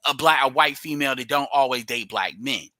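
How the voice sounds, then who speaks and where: A man's voice: mid-range voice, fairly quick, bright, forceful tone, dry recording, rough recording. A man hosting a casual stream chat, explaining his ideas in loose, rambling sentences full of restarts.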